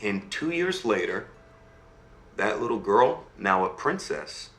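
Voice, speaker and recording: A man tells a fairy tale live, his voice bright and forward as it swoops high and low for drama. He checks in with his listeners as he goes. The room has a noticeable echo with faint music underneath. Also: slow. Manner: lively, dramatic swings in pitch, asks listeners "right?". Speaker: storyteller.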